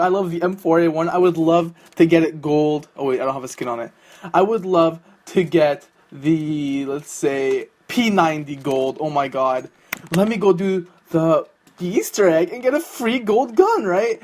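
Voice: mid-range voice, darkish tone. Profane, mocking young gaming commentator. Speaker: gaming YouTuber.

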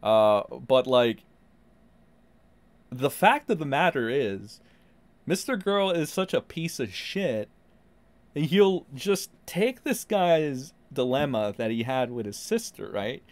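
A man doing casual stream commentary, rambling and full of swearing. His voice sits at an ordinary pitch for a man, and the recording is close and dry with no room sound. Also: takes it slowly, no echo. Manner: rambling, profane, animated. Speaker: streamer host.

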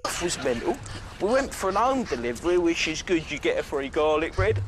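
A man's voice: a little high, big pitch swings, fairly quick. An actor playing a brash young lad and new dad in a comedy sketch, bragging and laughing at his own jokes. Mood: boastful. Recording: noisy sketch show audio.

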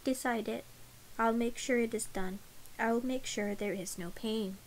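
A woman voicing a calm, pitiless male priest who speaks gravely and evenly, in a storybook reading. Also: fairly high pitch, slight background noise, low-quality recording. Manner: grave, measured.

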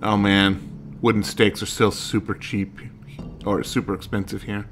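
Bright-voiced man joking through a game. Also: fairly low pitch, normal speed, soft background music. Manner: wry, joking running commentary. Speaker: let's play gamer. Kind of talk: casual gameplay commentary.

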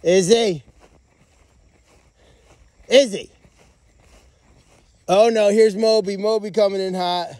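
A man's voice: sits high, steady tone, moderate pace, few pauses, no room sound. A middle-aged man on a casual livestream, chatting to rescue pigs and calling their names outdoors on a farm. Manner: chatty, talks to pigs, calls names loudly. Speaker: animal sanctuary caretaker.

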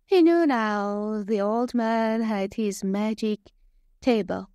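A woman reading a story aloud slowly and carefully for English learners. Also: medium pitch, dark tone, no echo, studio quality. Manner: slow, careful, clearly spaced reading. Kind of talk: slow scripted story narration.

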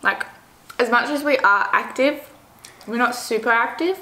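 A woman's voice: on the high side, normal speed, pushed and bright. A young Australian woman chatting casually and giggling while eating on camera. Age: young adult. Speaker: vlogger host. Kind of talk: casual mukbang chat. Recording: echoey room with faint noise.

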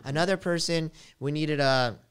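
A young man hosting a podcast, telling a travel story in an animated, casual way with lots of fillers. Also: a little high, normal speed. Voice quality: very clear voice.

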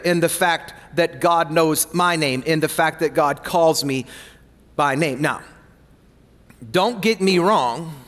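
A man preaching a sermon as pastor, playful and animated, joking with the congregation between points. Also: fairly high pitch, big-room sound. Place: church hall.

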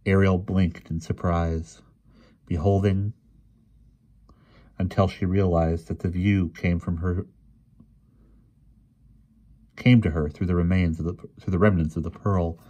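Low, husky man reading a novel. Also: steady tone, measured pace, warm tone. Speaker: reader. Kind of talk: audiobook reading.

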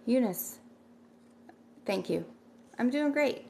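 A woman's voice: mid-range voice, expressive, unhurried, gravelly, darkish tone, slight background noise. A middle-aged woman chatting casually on a livestream, rambling and thanking viewers by name as she reads their comments.

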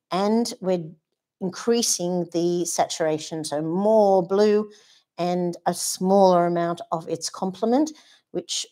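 A woman's voice: mid-range voice, a little mellow. A woman teaching watercolour painting in a live demonstration. She chats and thinks aloud as she paints, and she gushes about colours and brushes. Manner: chatty, thinks aloud while painting, gushing.

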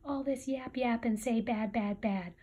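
A woman's voice: on the high side, unhurried, dark tone, breathy edge. A woman reading a picture book aloud and voicing a greedy, defiant male factory owner who blusters indignantly.

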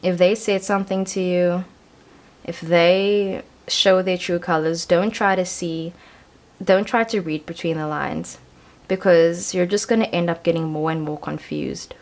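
Young woman, tarot reader, casual slangy chat, slightly low voice. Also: steady tone, a little slow. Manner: chatty and slangy, many "like" and "I feel like". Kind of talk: casual tarot card reading.

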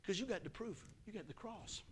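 A middle-aged man preaching a sermon in a folksy, animated way, his pitch and volume jumping often. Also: fairly quick, a little hiss or hum. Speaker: pastor.

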